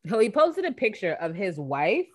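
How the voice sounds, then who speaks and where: A woman's voice: medium pitch, sing-song, moderate pace. A young adult woman co-hosting a podcast, gossiping animatedly with exclamations and many fillers. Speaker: podcast co-host. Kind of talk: casual chat.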